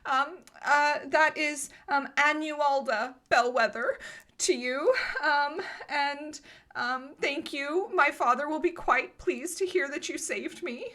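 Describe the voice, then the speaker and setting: A woman's voice: high-pitched, slow pace, pushed and bright, pitched above the performer's own voice, heavily acted. A woman voicing a pampered young noblewoman who plays things up melodramatically. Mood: dramatic. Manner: melodramatic, self-important.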